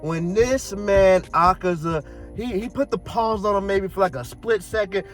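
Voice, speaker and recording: A man giving an excited, slangy spoken film review, rambling and breaking into laughs and shouts. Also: high-pitched, a little slow, soft background music. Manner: slangy, rambling, restarts mid-sentence. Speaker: anime reviewer.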